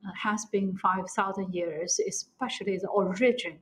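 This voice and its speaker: A middle-aged woman with a Chinese accent, an architect answering interview questions in halting non-native English. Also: mid-range voice, fairly even intonation, low-quality recording.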